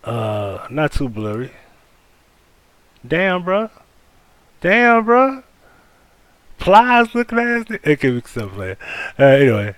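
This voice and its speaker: A man's voice: mid-range voice, huge pitch swings, a little fast, dry recording. A man hosting a live stream, giving blunt, profane, casual commentary and talking straight to his chat. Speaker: livestream host.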